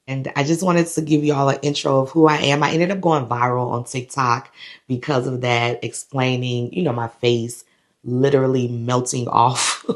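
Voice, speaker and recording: A woman's voice: a bass voice, normal speed. A woman vlogger from the United States, animatedly retelling a travel ordeal straight to the camera. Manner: animated, dramatic retelling with quoted voices and laughs. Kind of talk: casual storytelling to camera.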